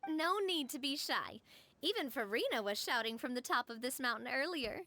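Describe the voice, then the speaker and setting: A woman voicing a tiny, chatty female fairy companion in a game, with a squeaky voice, who talks of herself in the third person. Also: animated, normal speed, pushed and bright, dry recording. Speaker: game character. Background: game music.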